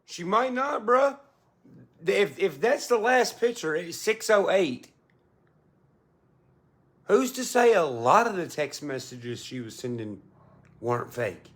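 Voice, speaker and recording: Blunt, profane man with a high voice. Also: sing-song, slow pace, long pauses. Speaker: podcast host. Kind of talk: casual podcast chat.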